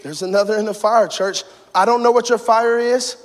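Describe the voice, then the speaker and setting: A man preaching a sermon in a church, moving between shouted passionate peaks and hushed personal storytelling. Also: high-pitched, steady tone, normal speed, in a large hall. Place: church sanctuary.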